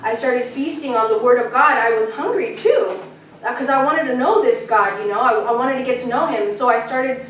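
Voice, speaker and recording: Woman, high voice, church testimony, earnest and emotional, distant mic, heavy hall echo. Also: moderate pace, fairly bright tone, a little hiss or hum. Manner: earnest, emotional storytelling with acted quotes. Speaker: church member giving testimony. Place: church sanctuary. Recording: echoey church hall, speaker far from mic.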